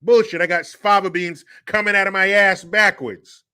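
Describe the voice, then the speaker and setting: A man's voice: sits high, steady tone, moderate pace, clear, resonant tone, voice pushed up. A man doing a brash foul-mouthed New York Italian tough guy. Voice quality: brash, cursing, loud.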